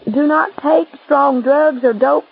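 A woman's voice: high-pitched, slow pace, vocal fry. A woman preaching a fervent, pleading sermon that recounts a vision. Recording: tinny phone-like tape recording.

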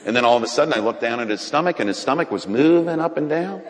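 A man, a doctor, telling a faith story on a talk show, acting out quotes in an animated way. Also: medium pitch, fast, long reverb tail, some chatter behind. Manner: animated storyteller, acts out quotes, laughs often. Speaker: doctor and guest.

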